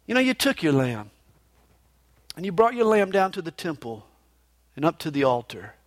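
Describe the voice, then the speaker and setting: A male pastor preaching a verse-by-verse sermon, earnest and expressive, moving between emphatic rises and hushed lows, with a conversational "you know" style. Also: normal speed, no room sound. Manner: conversational, with frequent "you know" fillers and restarts.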